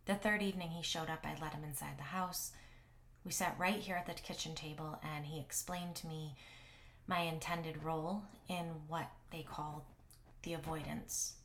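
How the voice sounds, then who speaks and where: A woman tells her own paranormal encounter in a low, confiding voice. She keeps things hushed and close, often slipping into a whisper for effect. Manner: hushed, intimate telling with whispered asides. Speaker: paranormal blogger and storyteller. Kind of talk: first-person story narration.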